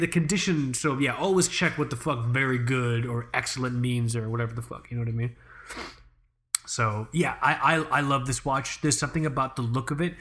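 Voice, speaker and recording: A young man co-hosting a podcast, animated and joking, with lots of swearing in casual chat. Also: medium pitch. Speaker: podcast co-host. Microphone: studio microphone.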